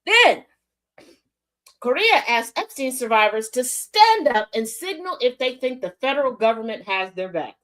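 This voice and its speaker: A woman hosts a news commentary stream with a sassy, animated delivery, slipping into mimicked voices as she retells events. Her voice sits high. It jumps and dips with lively swings in pitch. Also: normal speed. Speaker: host.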